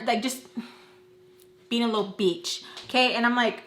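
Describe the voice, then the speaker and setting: A young adult woman vlogger telling a dramatic story in an animated, slangy way. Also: a little high, moderate pace, long pauses, echoey room. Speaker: beauty vlogger. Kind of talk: storytime vlog.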